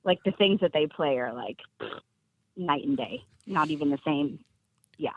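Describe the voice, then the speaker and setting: A woman's voice: sits low, animated, moderate pace, dry recording. A woman, an actress guest on a podcast, chatting casually and laughing often, with lots of fillers. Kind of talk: casual chat. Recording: narrow phone-like sound.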